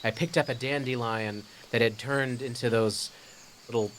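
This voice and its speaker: A man's voice: mid-range voice, fairly even intonation, normal speed, a bit bright, a little hiss or hum. A man co-hosting a comedy podcast, talking in a playful, jokey way and laughing often at his own bits. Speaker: podcast co-host. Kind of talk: casual comedic chat.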